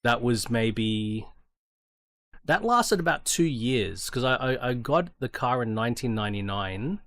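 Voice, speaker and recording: A man's voice: medium pitch, lively intonation, unhurried, fairly bright tone, no echo. A middle-aged Australian man telling a story in casual chat as a sim racing streamer, swearing freely and restarting his sentences often. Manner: profane, rambling, with frequent restarts. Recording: noticeable background noise.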